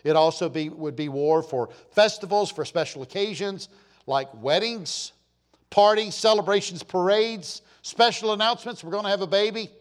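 A man preaching a folksy, joking sermon to his church, swinging between loud and quiet. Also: sits high, normal speed. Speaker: pastor.

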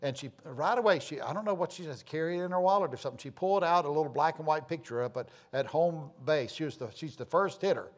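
A man's voice: fairly high pitch, fast talker, hardly any pauses. Folksy rambling pastor, a man. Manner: rambling, folksy, many fillers and restarts. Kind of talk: informal sermon announcements and storytelling.

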